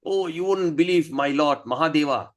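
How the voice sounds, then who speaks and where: A man's voice: on the high side, normal speed, lightly acted. A man voicing a cheerful, forgetful male sage who turns meek and sheepish when caught out. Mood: delighted.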